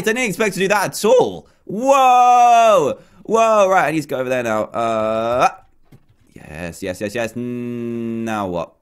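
A man hosting a gaming channel, giving excitable, chatty let's-play commentary and talking to himself as he plays. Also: medium pitch.

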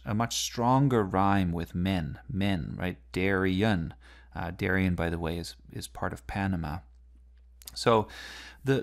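A man teaching literature, explaining a poem line by line and asking the listener rhetorical questions. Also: on the low side.

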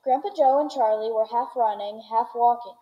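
A woman reading a children's book aloud in steady storytelling, with occasional small restarts. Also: on the high side, moderate pace, lo-fi sound.

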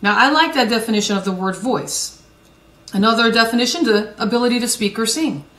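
A woman evangelist preaches with emphatic, restarting phrases, her voice sitting a little high for a woman. The sound carries a roomy echo around her. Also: animated, a little fast, bright, forceful tone, distant mic. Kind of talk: sermon broadcast with scripture reading.

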